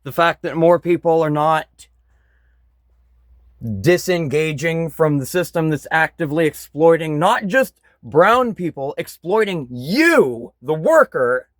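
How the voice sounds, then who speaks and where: Slow-talking, angry man ranting. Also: a little high, animated, no room sound. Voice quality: blunt, frequent swearing, bitter. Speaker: vlogger. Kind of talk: angry political rant.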